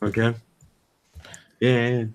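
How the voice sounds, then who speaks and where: A man's voice: medium pitch, level tone, slow pace, clear, resonant tone. A man from New Jersey with a New Jersey accent, a player in a tabletop game who rambles, restarts and apologizes as he talks. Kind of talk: casual game chat.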